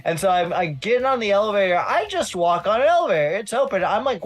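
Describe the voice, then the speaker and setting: Man, guest critic, casual chat, swearing, animated storyteller, slightly high voice, faint music behind. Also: brisk, few pauses.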